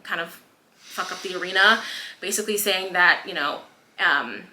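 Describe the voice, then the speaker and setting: Woman, podcast co-host, casual book chat, bright voice, echoey room. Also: lowish voice, normal speed. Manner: retells scenes acting out characters' lines; swears casually, fillers like "um" and "like".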